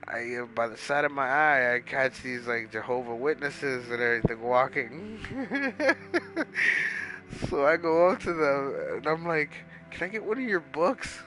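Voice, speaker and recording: A man's voice: medium pitch, slow, pauses often, sharp tone, faint music behind, low-quality recording. A man casually telling a long story while playing a video game, rambling with lots of swearing and fillers. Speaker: gaming streamer.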